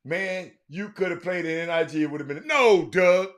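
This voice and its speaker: At a moderate pace, a man with a high-sitting voice hosts a casual sports talk stream from a room at home. He chats loosely and calls out viewers by name.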